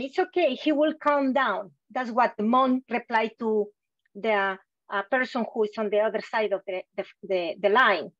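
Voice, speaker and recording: A woman's voice: high-pitched, no echo, highs cut off. A woman interpreting for a parent on a video call, relaying her words with fillers. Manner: relaying speech with fillers, acting out quotes.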